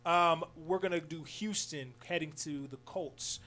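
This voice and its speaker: A man's voice: on the high side, a little slow, sharp tone. A man hosting a casual radio sports show, upbeat and loose, with lots of fillers. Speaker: sports talk show host.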